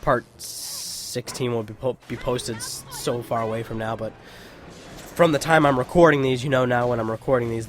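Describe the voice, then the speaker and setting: A man's voice: mid-range voice, slight background noise. A young man hosting a let's play, rambling through casual commentary with plenty of swearing and restarts. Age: young adult. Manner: rambling, profane, with many restarts.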